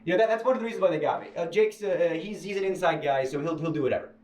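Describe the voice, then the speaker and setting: Stammering man telling a story, echoey. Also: very fast. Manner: stammering restarts, swings into high animated delivery. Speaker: interview guest. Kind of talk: casual storytelling. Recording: echoey room with faint ambience.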